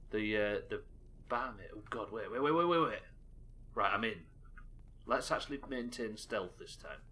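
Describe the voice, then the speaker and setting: Bright-toned British male streamer. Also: on the low side, measured pace. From United Kingdom. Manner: chatty, reads chat aloud, self-interrupting. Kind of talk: casual live-stream chat while gaming.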